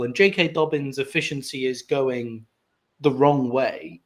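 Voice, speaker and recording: A British man co-hosting a casual sports podcast, his voice sitting at an everyday middle pitch. He talks loosely and with animation, leaning on fillers and building into little rants. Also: moderate pace. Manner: animated, ranting, frequent "like" fillers. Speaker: podcast co-host.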